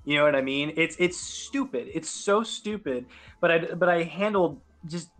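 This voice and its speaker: A man's voice: on the high side, moderate pace, fairly bright tone, faint music behind. A young man in casual podcast chat, talking in an earnest, rambling, self-doubting way. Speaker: podcast guest and sports announcer.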